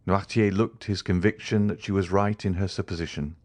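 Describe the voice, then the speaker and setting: Low-voiced male audiobook narrator. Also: steady tone, brisk, a little mellow, no room sound. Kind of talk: scripted narration.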